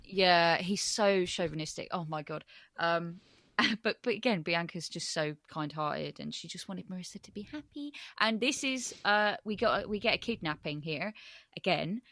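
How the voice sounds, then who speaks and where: Chatty bright-voiced woman podcaster. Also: fairly low pitch, expressive, moderate pace, no echo, clean studio sound. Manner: rambling, gushing, many ums. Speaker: podcast co-host. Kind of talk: casual chat.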